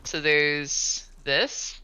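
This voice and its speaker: A woman's voice: low-pitched, extremely slow, pushed and bright, slight background noise, poor audio. A woman hosting a live game stream, chatting casually and offhandedly with friends while building, now and then swearing. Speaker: streamer host. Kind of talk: casual chat while gaming.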